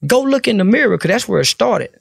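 A man talks in a blunt, profane street style, preaching his point. His voice sits high for a man and has a gravelly edge. The recording is close and dry. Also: very animated, quick pace, no room sound. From Fort Worth, Texas. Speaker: interview guest. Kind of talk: casual interview talk.

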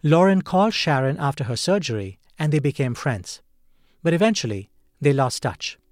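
A male podcast host giving measured, scripted narration. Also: a little high, lively intonation, a little mellow, no echo, studio quality.

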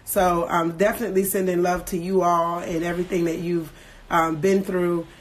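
A woman in her thirties, emotional and earnest, candidly telling a personal story to her viewers with many pauses and restarts. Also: lowish voice, level tone. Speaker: livestream host sharing a personal story.

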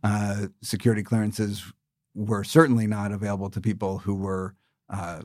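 A man in his thirties from the United States gives long, thoughtful interview answers, often restarting his sentences. His voice sits low. The recording is dry and close. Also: little pitch movement, no echo. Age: 30s. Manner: measured, thoughtful, with many restarts. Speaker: political candidate, former ambassador.

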